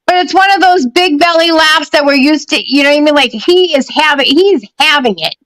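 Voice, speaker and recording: A woman gives psychic readings on a live stream at home while the power is out, laughing and chatting and addressing her pets along the way. She talks briskly in a high, somewhat bright voice, with no room sound in the rough recording.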